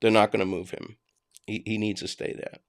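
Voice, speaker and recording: A man's voice: lowish voice, level tone, fairly quick. A man with a Boston accent, hosting a casual livestream and ranting bluntly, with profanity, to his viewers. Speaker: livestream host. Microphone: home desk mic, voice only.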